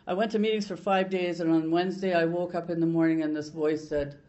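A woman's voice: lowish voice, fairly even intonation, fast, dark tone, muffled recording. An older woman from Canada sharing her recovery story at a meeting, in a blunt, salty way with many restarts.

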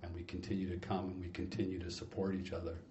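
Deep flat-voiced man, echoey hall. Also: dull audio, slight background noise. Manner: earnest, reflective, halting. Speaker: speaker introducing the next share. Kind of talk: heartfelt talk at a recovery convention. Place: convention hall.

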